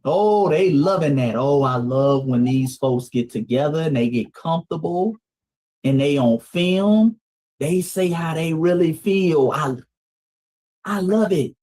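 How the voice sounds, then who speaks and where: Host, male, Georgia Southern accent, husky, emphatic, punchy repeats to viewers. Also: fairly high pitch, measured pace, dark tone, low-quality recording. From Atlanta, Georgia, US. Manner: emphatic, repeats lines, calls out to the audience. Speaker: host of a commentary stream. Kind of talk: livestream commentary on clips.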